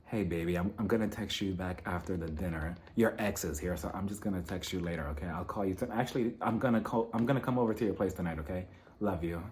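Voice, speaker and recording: A man voicing a smooth-talking man murmuring a sweet voice note, low and hushed. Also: fast, a little hiss or hum, natural voice.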